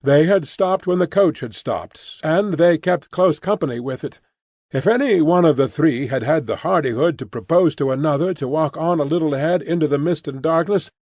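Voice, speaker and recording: Gravelly man reading an audiobook. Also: fairly high pitch, no echo. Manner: expressive, storytelling reading. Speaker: audiobook narrator. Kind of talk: scripted narration. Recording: dry close studio recording.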